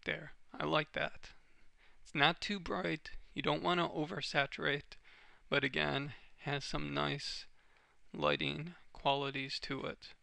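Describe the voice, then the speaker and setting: Guy walking thru a software tutorial, kinda high bright voice, super dry. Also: takes it slowly, gravelly, no echo. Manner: steady step-by-step explaining. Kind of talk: screen-recorded software tutorial.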